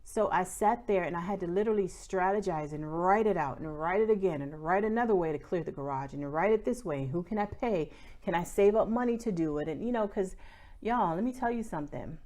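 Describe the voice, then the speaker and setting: A woman's voice: on the low side, brisk, darkish tone. Chatty candid woman vlogger. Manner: candid, chatty, says "y'all" and "like" a lot. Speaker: small business owner and vlogger. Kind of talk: casual chat to camera.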